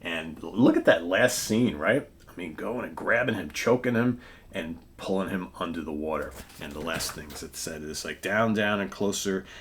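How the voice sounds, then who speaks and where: A man with a very low voice hosts a casual comic book review, retelling old stories in a chatty, rambling way. A faint hiss sits behind him. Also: lively intonation, normal speed. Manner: chatty, recounting stories with filler words. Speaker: comic book show host.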